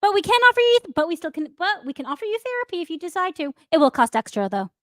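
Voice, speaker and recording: A woman co-hosting a podcast in casual chat, teasing and quick to laugh. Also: very high voice, big pitch swings, fairly bright tone, no echo, studio quality. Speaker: podcast co-host.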